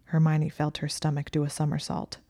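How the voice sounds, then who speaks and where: A woman reading a story aloud in a steady, even storytelling manner. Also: sits low, a little fast, no room sound, studio quality. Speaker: audiobook reader. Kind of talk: reading fan fiction aloud.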